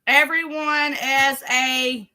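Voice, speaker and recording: A woman's voice: high voice, level tone, slow, pushed and bright. A middle-aged woman, chatting casually and rambling as she decorates a planner for her vlog. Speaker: vlogger.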